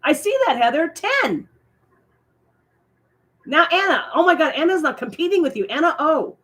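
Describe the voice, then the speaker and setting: Chatting with her viewers on a casual live stream, this middle-aged host speaks in a high voice at normal speed. Trailing fillers give way again and again to excited, surprised exclamations.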